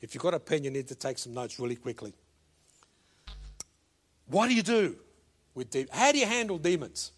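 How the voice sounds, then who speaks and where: An older man preaching a sermon, slow and emphatic, swinging between loud commands and quiet low asides. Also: very animated.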